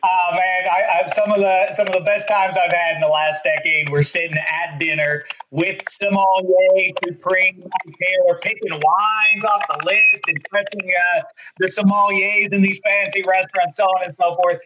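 A man's voice: high-pitched, steady tone, moderate pace, background noise. A man hosting a podcast, chatting in a jokey, chummy way, with a voice he himself calls annoying. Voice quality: self-described annoying voice. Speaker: podcast host. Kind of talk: casual podcast chat.

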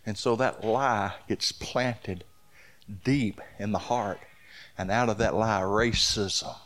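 A man's voice: lowish voice, steady tone, takes it slowly, fairly bright tone. A man preaching a sermon, telling stories in a folksy way and building to fervent emphasis. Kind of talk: sermon storytelling.

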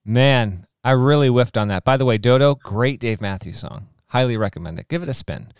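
A man's voice: medium pitch, normal speed, clear, resonant tone, no room sound, studio quality. A man co-hosting a podcast, teasing and reacting with playful, dramatic flair. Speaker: podcast co-host. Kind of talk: casual podcast banter.

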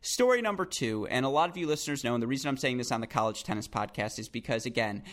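Excitable rambling male podcast host. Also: medium pitch, fast talker. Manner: excitable, animated, rambling with quoted voices. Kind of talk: casual podcast chat and storytelling.

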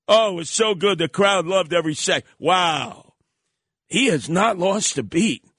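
A man hosting a radio talk show, telling stories in an animated, heated way. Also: high voice, a little slow, dry recording, studio quality. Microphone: studio microphone.

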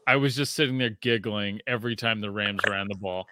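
A man in his thirties hosting a casual sports podcast, telling stories excitedly and swearing freely. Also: fairly low pitch, a little fast, no room sound. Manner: excitable, profane storytelling. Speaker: podcast host.

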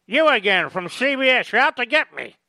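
A man's voice: big pitch swings, a little fast, creaky, bright, forceful tone, no room sound, full character voice. A man doing a testy, whiny old politician. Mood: indignant whine. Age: older. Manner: whiny, indignant, high-pitched mockery. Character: testy elderly male politician, defensive and rambling.

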